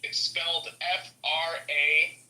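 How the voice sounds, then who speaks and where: A man in casual podcast chat, telling stories in a rambling, halting way in an echoey room. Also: fairly high pitch, little pitch movement, sharp tone.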